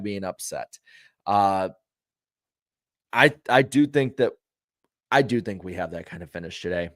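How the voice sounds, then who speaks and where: A man hosting a racing talk show, giving frank opinions in casual, conversational pre-race chat and talking warmly to his viewers. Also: on the low side, no echo, clean studio sound. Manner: friendly to viewers.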